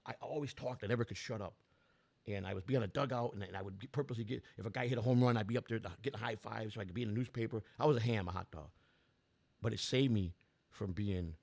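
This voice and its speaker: Gravelly guy in his 60s, talks fast, blunt, rambly, strained voice. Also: lowish voice, darkish tone. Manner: rambling, blunt, repeats and restarts. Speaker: political candidate. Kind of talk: personal storytelling.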